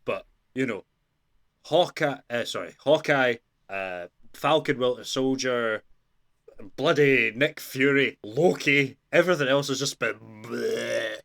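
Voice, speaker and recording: A man's voice: medium pitch, slow, vocal fry, a bit bright. A man in a casual podcast chat, rambling informally with slang. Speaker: podcast co-host.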